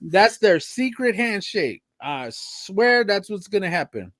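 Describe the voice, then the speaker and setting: Chill higher-voiced guy on a wrestling podcast, lots of "you know", dry close mic. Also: big pitch swings, unhurried, a bit bright, dry recording. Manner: laid-back, says "you know" constantly. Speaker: podcast co-host. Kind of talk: casual wrestling podcast chat.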